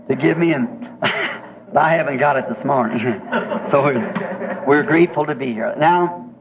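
A man with a Southern American accent, telling a folksy, homespun story in a sermon, chuckling as he goes. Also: a little high. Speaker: preacher. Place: church meeting. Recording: tinny lo-fi old tape with faint hiss.

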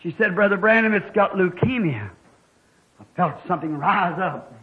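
Man preaching, high tenor voice, fervent, muffled old recording. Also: expressive, normal speed. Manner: fervent, rising to shouts in stories. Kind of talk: sermon. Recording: dull lo-fi old tape.

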